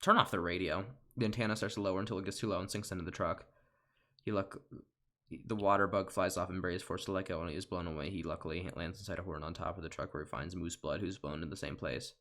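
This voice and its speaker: A young man reads a movie script aloud in a deep, low voice with a flat, worn-out delivery. The narration is deadpan, as if he is slogging through a long home recording. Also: fast. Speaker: online comedian. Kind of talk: comedic script reading.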